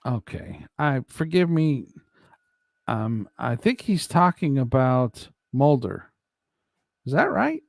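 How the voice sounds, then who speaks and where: A man's voice: medium pitch, big pitch swings, takes it slowly, vocal fry, no echo, clean studio sound. A man hosting a casual live stream, rambling and chuckling as he talks to his chat by name.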